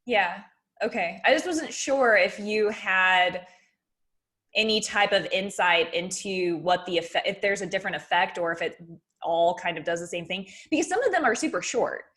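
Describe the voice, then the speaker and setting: Woman interviewer, eager, chimes in with soft agreement. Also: medium pitch, animated, moderate pace. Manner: enthusiastic, frequent soft backchannels. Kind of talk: casual interview chat.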